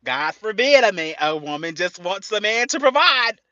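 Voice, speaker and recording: A woman's voice: medium pitch, very animated, normal speed, pushed and bright, dry recording. A woman hosting a casual livestream, playful and slangy, laughing often as she chats to her viewers. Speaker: livestream host. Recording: dull lo-fi stream audio.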